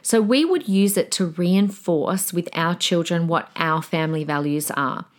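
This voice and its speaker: A middle-aged woman hosting a parenting podcast, telling stories and giving advice in an animated, casual way, slipping into a soothing teacher voice when she quotes herself. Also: on the low side, measured pace.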